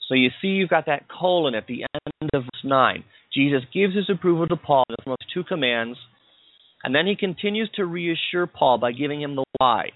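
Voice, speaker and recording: A man's voice: on the high side, no echo. A man preaching a sermon, explaining scripture and asking his listeners rhetorical questions. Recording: dry, tinny phone-like sound.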